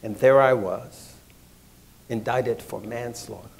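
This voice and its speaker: A man with a voice of ordinary middle pitch, addressing an audience about his own past. He speaks in a measured, deliberate way and builds emphasis through repeated phrases. He grew up in Washington, D.C. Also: steady tone, creaky, slight background noise. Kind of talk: measured personal talk to an audience.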